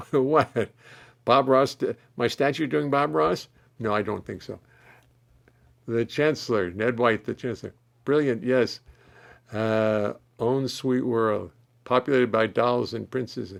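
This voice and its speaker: A man's voice: medium pitch, slow pace, vocal fry, long pauses. A male musician hosting a live stream from his studio, chatting playfully and reading out viewers' comments. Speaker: musician and host. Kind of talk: casual chat on a live stream.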